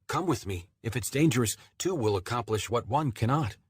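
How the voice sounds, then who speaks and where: A man's voice: mid-range voice, expressive, fairly quick, slightly rough, no room sound, clean studio sound, voice pushed up. A man voicing a frightened, desperate young male soldier in an audiobook. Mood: pleading. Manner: panicked, pleading questions.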